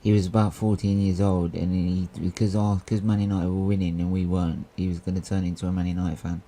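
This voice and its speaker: A man with a very low voice hosts a casual football stream. He chats loosely and keeps teasing the others in good fun. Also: flat delivery, fairly quick, mellow. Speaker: stream host. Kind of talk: casual football fan banter.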